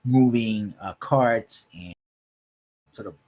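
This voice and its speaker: Husky low-voiced male game master. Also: slow pace, darkish tone. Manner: descriptive, keeps checking in with "right?". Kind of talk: narrating a tabletop game.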